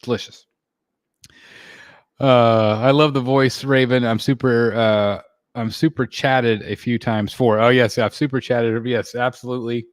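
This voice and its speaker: A man from the United States hosts a casual live stream, chatting in a relaxed, rambling way with plenty of fillers and restarts. His voice sits in an ordinary middle range. It is recorded close and dry, with no room sound. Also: mid-range voice, a little slow, clear, resonant tone, no room sound. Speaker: livestream host reading chat. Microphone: desk microphone.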